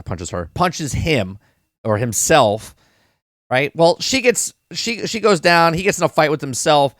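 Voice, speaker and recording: A man's voice: mid-range voice, fairly bright tone, no room sound, studio quality. A man hosting a live-stream podcast, reviewing a TV episode in casual talk, rambling, repeating words and often checking in with "right?".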